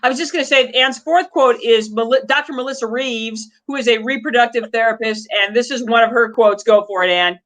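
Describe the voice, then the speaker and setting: A woman's voice: fairly high pitch, brisk, hardly any pauses, a bit bright. A woman co-hosting a casual podcast chat about a movie, talking in a chatty, enthusiastic, rambling way. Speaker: co-host.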